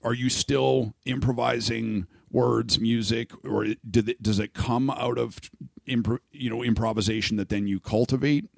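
With a medium-pitched, creaky voice and fairly even intonation at normal speed, a middle-aged Saskatchewan podcast host talks casually and frankly. He swears a lot, rambles, and restarts sentences, in a dry, clean studio recording.

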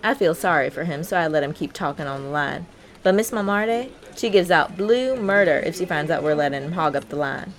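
A woman's voice: sits low, expressive, fairly quick, pitched below the performer's own voice. A woman playing a sassy female customer service agent with sugary phone politeness. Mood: gossipy.

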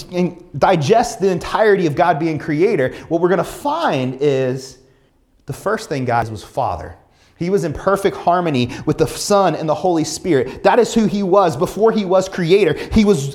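A man's voice: fairly high pitch, darkish tone. A young man preaching a sermon as pastor, speaking conversationally and addressing the congregation directly.

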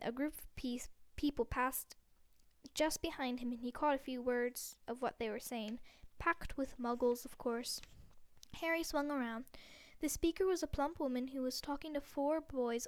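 Give me a woman reading a novel aloud with small stumbles and restarts. Her voice is smooth and high-pitched. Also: no echo. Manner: steady, with frequent slips and restarts. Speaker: reader.

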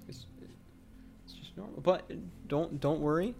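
A man's voice: on the high side, measured pace, creaky, a little mellow, slight background noise. Giggly man hosting a casual podcast. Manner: jokey, laughs often, stammering restarts. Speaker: podcast host.

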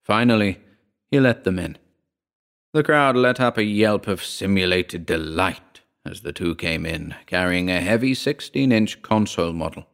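A man reading a first-person story aloud in a wry, measured way. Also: low-pitched, lively intonation, creaky, fairly bright tone, smooth. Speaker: narrator.

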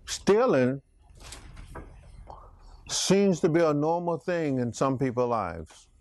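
Animated middle-aged preacher with lively pitch. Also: male voice, takes it slowly. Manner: animated storyteller, chatting back and forth with the congregation. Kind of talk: interactive Bible study sermon.

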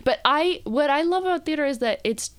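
A woman who performs on stage, a guest in a casual interview, bubbly and quick to laugh and agree. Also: high-pitched, expressive, a bit bright.

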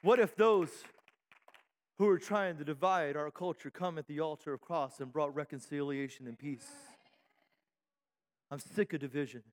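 A pastor preaching a fervent sermon, firing off repeated rhetorical questions and calling for amens from the congregation. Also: male voice, on the high side, steady tone, moderate pace, long pauses. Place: church sanctuary. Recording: long hall reverb from a church.

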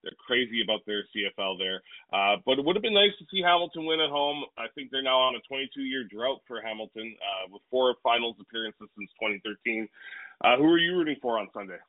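Brisk male sports-talk co-host. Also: medium pitch, dry recording. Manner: steady, informed, leading the topics. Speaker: podcast co-host. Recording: dry phone-like line.

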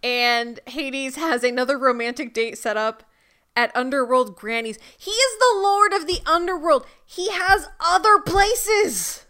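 A woman co-hosting a podcast in casual chat, joking about a TV show with animated, exaggerated outrage. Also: high-pitched, a little slow. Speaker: podcast co-host.

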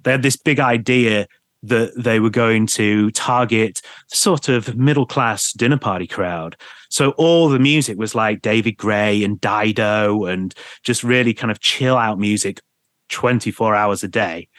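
A man from England, a radio presenter, telling lively anecdotes in a casual podcast interview and laughing often. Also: on the low side, a little slow, no echo.

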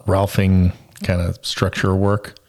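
A man's voice: sits low, monotone, slow pace. A man co-hosting a podcast in casual chat who muses reflectively about awareness and the senses. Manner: reflective, philosophizing. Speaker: podcast co-host.

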